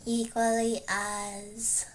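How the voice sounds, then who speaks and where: A woman's voice: fairly high pitch, little pitch movement, a little hiss or hum. A young woman streaming casual chat while she studies, stopping often to search aloud for the right word. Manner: halting, searches aloud for words.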